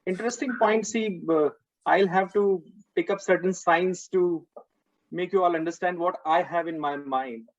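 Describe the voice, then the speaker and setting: A man's voice: high voice, normal speed, no room sound, dull audio. A man speaking hesitantly on a panel, with many fillers, over a video call. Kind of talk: panel discussion.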